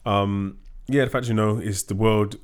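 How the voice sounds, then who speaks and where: A man in casual conversation about films, playful and quick to joke. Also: on the low side, steady tone. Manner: joking, playful banter. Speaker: podcast co-host. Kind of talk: casual film review chat.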